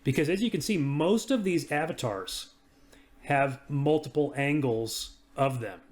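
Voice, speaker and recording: A man casually talking through each click as he walks through a software demo. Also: on the high side, measured pace. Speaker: software reviewer. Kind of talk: screen-recorded software walkthrough.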